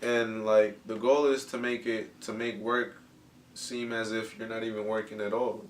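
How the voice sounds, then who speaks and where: A man's voice: on the low side, level tone, normal speed, echoey room, distant mic, a little hiss or hum. A man hosting a casual podcast talk, loose and repetitive, full of slang. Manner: laid-back, repeats himself, heavy slang. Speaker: podcast host. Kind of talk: casual chat.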